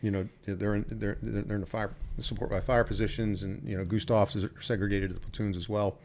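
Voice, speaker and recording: Low-voiced man telling blunt stories. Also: flat delivery, brisk, a little mellow, slight background noise. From United States. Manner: blunt, profane storytelling with quoted dialogue. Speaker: podcast guest, retired Army officer. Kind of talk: casual interview storytelling.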